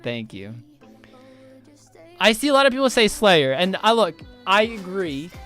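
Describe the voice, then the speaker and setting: A man's voice: sits high, wildly swooping pitch, moderate pace, bright, forceful tone, clean tone, faint music behind. A young man in his twenties on a casual game stream, loose and profane, reading viewers' chat aloud and riffing on it. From United States.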